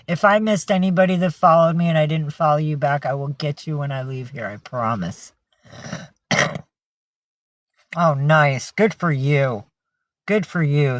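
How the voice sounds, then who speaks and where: A woman's voice: sits low, no room sound. A woman chatting casually on a livestream, greeting and thanking viewers by name and cooing at her pets. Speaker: livestream host.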